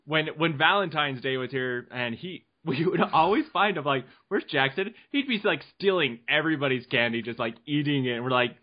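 A man's voice: on the high side, expressive, fairly quick, few pauses. A young man hosting a family podcast, talking easily, laughing and rambling through his thoughts. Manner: easygoing, laughing, rambling with restarts. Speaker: podcast host. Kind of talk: casual podcast chat. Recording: dull lo-fi podcast audio.

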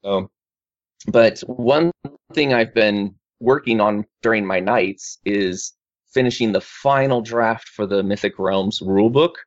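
A man's voice: on the low side, measured pace, no echo. A man chatting casually with friends, rambling through his news with many restarts and fillers. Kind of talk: casual group chat. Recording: dull lo-fi recording.

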